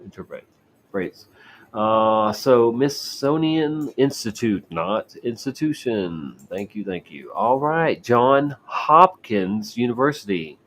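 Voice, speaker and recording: Male host, slow drawl, reads articles aloud, trips on words, sarcastic asides. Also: mid-range voice, lively intonation, a bit bright, slight background noise. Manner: stumbling, repeats and restarts words while reading. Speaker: show host. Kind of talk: casual commentary reading news articles aloud.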